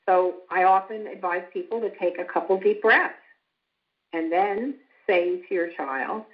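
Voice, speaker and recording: A woman psychologist giving a calm, instructive talk who now and then acts out example dialogue. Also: a little slow. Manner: calm and instructive, acts out quoted lines with rising pitch. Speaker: psychologist lecturing on family estrangement. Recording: slightly dull lo-fi sound.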